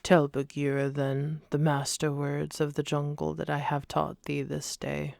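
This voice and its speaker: A kindly old bear teacher, as a woman reads him aloud in a whispered role-play. The voice is gravelly and very slow, drawn out and a bit fuller than the narration. It stays close and dry on the mic. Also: deep voice, completely flat delivery, darkish tone, no room sound. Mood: grumbling. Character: old brown male bear teacher, earnest and tender.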